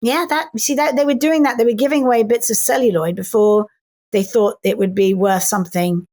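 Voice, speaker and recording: A middle-aged actress, a woman, chatting as an interview guest and telling animated stories full of acted-out lines. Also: fairly high pitch, brisk. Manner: animated storyteller who acts out voices in quotes. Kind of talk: casual interview chat.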